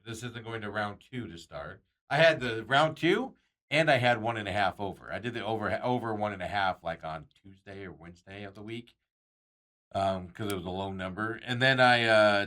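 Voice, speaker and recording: A man's voice: on the low side, bright, forceful tone. Rambling, chuckling male sports talk host. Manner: rambling, chuckles often, reads out viewer comments. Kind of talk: casual sports betting chat.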